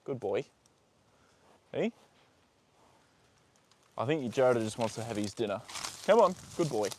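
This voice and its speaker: Speaking in a mid-range voice with lively intonation and a slightly slow pace, an Australian livestream host chats to viewers from his horse paddock. He reads their comments, talks affectionately to his horses, and swears casually, with a little hiss or hum in the audio.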